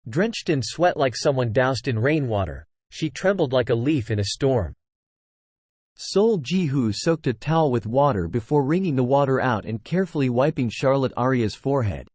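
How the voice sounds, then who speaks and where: A man's voice: mid-range voice, a little mellow, dry recording. A computer-generated man's voice narrating a fantasy novel, reading punctuation marks aloud. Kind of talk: text-to-speech novel narration.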